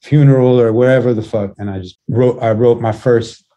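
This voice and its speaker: A middle-aged man talks casually in an interview, his warm, mellow voice drifting through rambling sentences full of fillers and the odd curse. His pitch sits in a middle range and he sounds at ease. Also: fairly even intonation, fairly quick. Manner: loose, rambling, many fillers and curse words. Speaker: guest musician.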